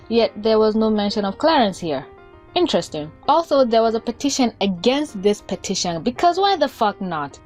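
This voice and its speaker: A woman's voice: mid-range voice, a little mellow. A woman giving sarcastic, casual commentary for her video, swearing freely. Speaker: YouTube commentator.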